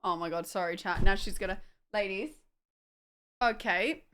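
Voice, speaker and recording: A woman's voice: medium pitch, moderate pace, fairly bright tone, smooth. A young woman casually chatting on a livestream at home, distracted by her dogs, swearing and laughing.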